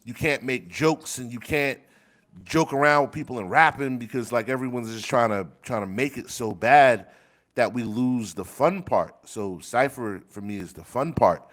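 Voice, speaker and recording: A man's voice: medium pitch, normal speed, fairly bright tone. Rambling man in crude casual chat. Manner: rambling, crude, laughing often. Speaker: rapper and community member. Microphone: desk microphone.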